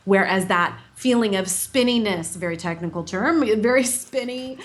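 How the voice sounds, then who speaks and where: A woman coach explains her ideas at length and patiently, in a mid-pitched voice. She sounds warm and unhurried, and her voice drops soft and low when she voices gentle advice. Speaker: coach, guest. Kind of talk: explanatory interview answer.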